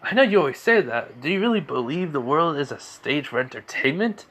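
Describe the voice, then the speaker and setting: A boy doing a loud excitable radio host. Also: on the high side, a little fast, voice pushed up. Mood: upbeat.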